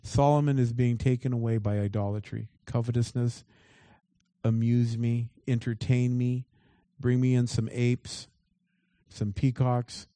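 A man's voice: medium pitch, flat delivery, a little slow, dark tone, no echo. A man preaching a sermon as pastor. He reads scripture aloud and breaks off into emphatic asides.

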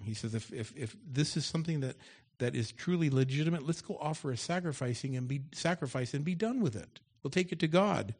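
A male pastor delivering a sermon to his congregation. He reads the scripture passages loudly and with force, then drops into a relaxed, talky explanation of what they mean, in a mid-range voice. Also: mid-range voice, a little fast. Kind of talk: expository sermon. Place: church.

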